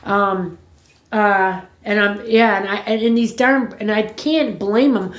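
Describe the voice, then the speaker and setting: A woman talks to her viewers from home in loose, rambling casual chat, blunt and quick to swear. Her voice sits at an everyday middle pitch for a woman. The room around her rings with noticeable echo. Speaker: vlogger. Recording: roomy echo.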